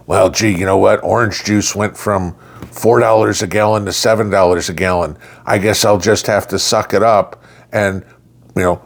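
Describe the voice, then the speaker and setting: A middle-aged man with a blunt, lecturing and sarcastic way of talking, delivering a casual opinion monologue as a channel host. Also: low voice.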